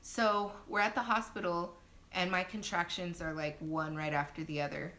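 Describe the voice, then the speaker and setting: Speaking at a moderate pace with fairly even intonation, a bright, forceful-sounding young new mom tells her birth story in a chatty way, talking straight to the people watching her stream. It's captured on a phone, so the sound is low quality with a little noise.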